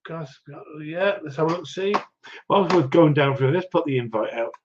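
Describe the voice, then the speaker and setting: A rambling, good-humoured middle-aged man, greeting viewers one by one with plenty of ums and restarts. His voice sits a touch high for a man. The stream audio is dull and lo-fi. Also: animated, moderate pace, background noise. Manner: chatty, rambling, chuckling, many ums and restarts. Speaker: livestream host. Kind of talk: casual live chat reading viewer comments.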